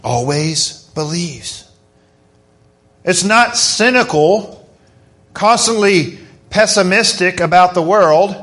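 A man preaching a sermon as pastor, emphatic and animated as he stresses his points. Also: sits high, slow.

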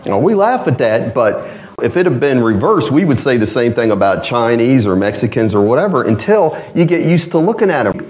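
A man's voice: medium pitch, animated, a little fast, darkish tone. Folksy male preacher with a northern accent. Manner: folksy, conversational preaching with asides. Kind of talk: sermon.

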